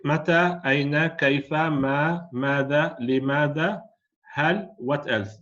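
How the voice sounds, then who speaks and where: A man teaching a class, patiently explaining in slow, deliberate steps. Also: on the high side, a bit bright. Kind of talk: classroom language lesson. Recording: dull lo-fi audio.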